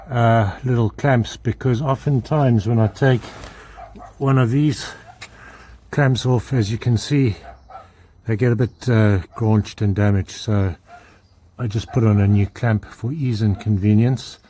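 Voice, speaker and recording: A man's voice: mid-range voice, fairly even intonation, slow, pauses often, warm tone, a little hiss or hum. A man working as a mechanic, giving a hands-on how-to demonstration and explaining each step while he works under a car in a garage.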